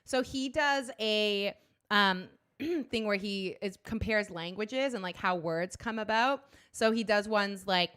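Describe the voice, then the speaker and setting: Co-host: woman, mid-pitched, chatty, casual. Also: slow pace, fairly bright tone, smooth. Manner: chatty, full of fillers. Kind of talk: casual chat.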